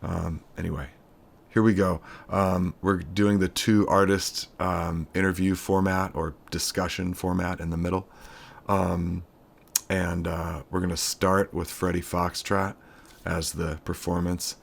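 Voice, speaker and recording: A man hosting his own show speaks straight to a close camera in a low voice. His tone has a gravelly fry running through it. He rambles in an unscripted way, full of fillers and self-deprecating asides. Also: flat delivery, measured pace. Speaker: show host. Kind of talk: unscripted casual intro to camera. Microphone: webcam-style camera close up.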